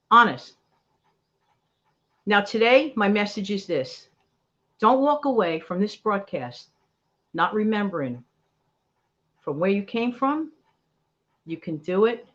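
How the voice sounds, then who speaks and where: A woman's voice: mid-range voice, a bit bright, highs cut off. A middle-aged woman with a New York accent, chatting live and encouraging her viewers in a motivational way. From New York City. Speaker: livestream host. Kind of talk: casual live chat.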